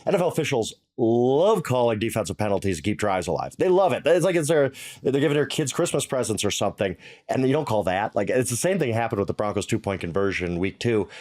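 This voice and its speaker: A middle-aged man co-hosting a casual sports analysis chat, emphatic and exasperated, thinking out loud. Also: lowish voice, animated, fast talker, few pauses.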